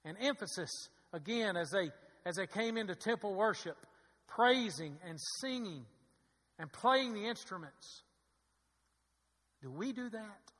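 A man's voice: high-pitched, animated, measured pace, fairly bright tone. A man preaching a sermon in a church, building to fervent peaks and asking the congregation for an amen. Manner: preaching with rising fervor and call-and-response asides. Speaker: pastor. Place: church sanctuary. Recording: long hall reverb.

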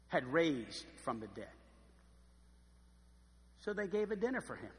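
A man preaching a sermon, telling lively stories and acting out the voices of the people in them. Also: high-pitched, normal speed, long pauses, long reverb tail. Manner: animated storytelling, acts out voices. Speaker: pastor. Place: church.

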